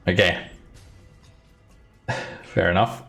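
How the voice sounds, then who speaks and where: Man, dungeon master, deep gravelly voice, chuckling narration, faint music behind. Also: drawn-out words. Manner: chuckling, relaxed descriptive narration with fillers. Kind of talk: narrating a tabletop game.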